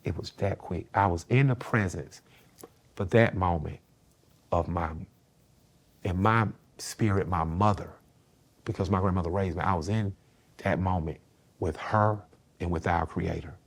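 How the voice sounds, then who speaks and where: A man's voice: sits low, measured pace, pauses often, husky. A middle-aged man, a guest in an interview, telling a personal story in a plain-spoken, earnest way and swearing casually.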